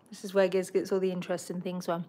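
A woman's voice: lowish voice, creaky, noisy background. A young woman hosting a casual livestream about her pet bird, chatting and giggling as she talks to the bird and the viewers. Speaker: pet bird channel host.

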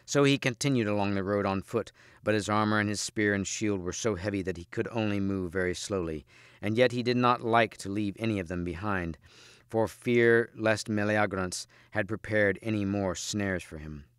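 A man, a teacher, reading a storybook aloud in steady, measured audiobook narration. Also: fairly low pitch, clear, resonant tone, no room sound, clean studio sound.

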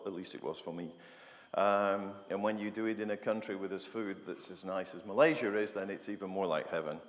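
A middle-aged man from England giving a talk to an audience, wry and jokey, often asking the room questions. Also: fairly low pitch. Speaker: conference speaker. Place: university lecture hall. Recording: long reverb of a large hall.

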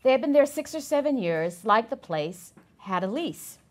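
A woman's voice: a little high, big pitch swings, normal speed. A woman reading a memoir excerpt aloud in a lecture, telling the story expressively.

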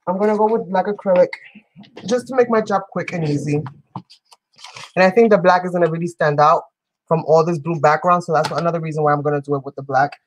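A woman's voice: lowish voice, rough recording. Playful chatty woman crafting live. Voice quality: playful, giggly, chatty with the viewers. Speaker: crafting channel host. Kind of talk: live crafting demonstration chat.

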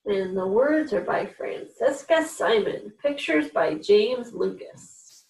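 A woman hosting a children's reading program, reading picture books aloud in a gentle, animated way and giving the characters voices. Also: medium pitch, slow pace. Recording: echoey room, a little far from mic.

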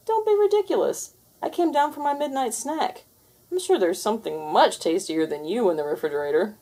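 A woman voicing a fussy, hungry male ghost in a storybook read-aloud, talking in a high shrieking wail. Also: animated, a little fast, mellow. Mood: shrill.

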